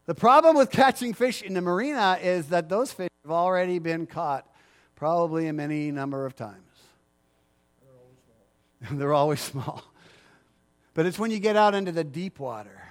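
A man's voice: fairly high pitch, lively intonation, moderate pace, pauses often. A middle-aged male pastor preaching a sermon, emphatic and repetitive, asking the congregation for agreement.

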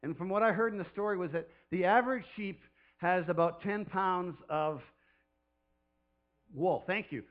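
A man's voice: high-pitched, moderate pace, muffled recording. A man preaching a sermon off the cuff as a pastor, chatty and rambling, who often laughs and throws in playful calls.

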